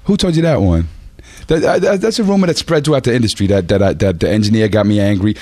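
Low-voiced, profane rapper telling stories. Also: male voice, expressive, fast talker, mellow, no echo. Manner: profane, rambling, laughs through his stories. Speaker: rapper, interview guest. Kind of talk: casual storytelling in an interview.

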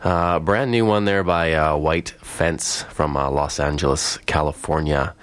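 Male radio DJ, nasal and stuffy from being unwell. Very deep, flat delivery. Relaxed and halting, dry studio sound. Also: dry recording. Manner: laid-back, halting delivery. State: a bit sick, stuffy. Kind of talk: casual radio DJ patter.

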